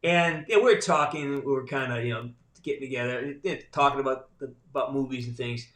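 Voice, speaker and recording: A man's voice: mid-range voice, steady tone, quick pace, a bit bright. A middle-aged man talking as a podcast guest, a blunt and profane storyteller. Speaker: guest voice actor. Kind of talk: casual podcast conversation. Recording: roomy echo.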